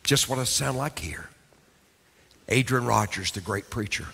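An older man, a pastor, preaching a dramatic sermon that swings between hushed and booming. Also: unhurried, gravelly, slightly rough, in a large hall.

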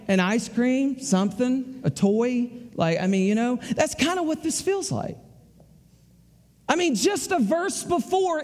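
A man's voice: very high voice, darkish tone. Southern man, preacher, folksy conversational sermon, echoing church hall reverb. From American South.

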